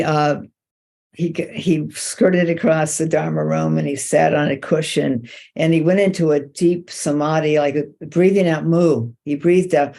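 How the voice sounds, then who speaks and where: A woman's voice: sits low, gravelly, warm tone. A woman Zen teacher giving a dharma talk, retelling a story loosely with many restarts.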